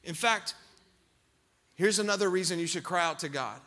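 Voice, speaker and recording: A man preaching a sermon who swings from shouted pleading to hushed, low lines, acting out quoted voices and calling out to the congregation. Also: fast. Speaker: pastor.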